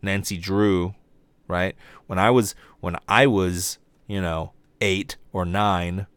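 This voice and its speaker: A young man hosting a comedy podcast, ranting casually and profanely, his voice jumping high when he gets exasperated. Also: steady tone, takes it slowly, fairly bright tone, smooth, no room sound.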